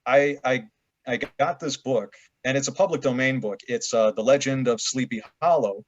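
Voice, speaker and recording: A man's voice: mid-range voice, normal speed, no echo. Easygoing man telling a story on a dry call. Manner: easygoing storyteller, some stammered restarts. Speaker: audiobook narrator, guest. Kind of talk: casual interview chat. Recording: dry, dull lo-fi call audio.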